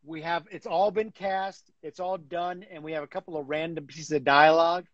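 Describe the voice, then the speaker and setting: A man chatting as a guest in an interview, animated and full of fillers and restarts. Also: on the high side, normal speed, muffled recording, crowd noise. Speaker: guest, comic book writer. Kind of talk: casual interview chat.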